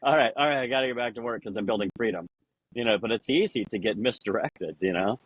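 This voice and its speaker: A man in a casual podcast conversation, rambling through anecdotes with lots of "you know" and acting out quoted lines in a higher voice. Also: fast talker, slightly rough, dry recording, lo-fi sound. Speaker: podcast guest.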